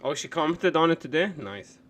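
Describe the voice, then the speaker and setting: A man's voice: fairly high pitch, expressive, brisk, fairly bright tone. A young man streaming live, chatting casually as he reacts to clips, laughing hard and often, swearing freely and rambling loosely.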